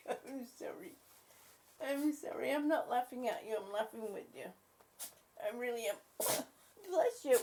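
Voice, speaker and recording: A woman talking casually to her small dog as she dresses it, coaxing and affectionate, often quiet and laughing. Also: a little high, moderate pace, long pauses, a little hiss or hum. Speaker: vlogger.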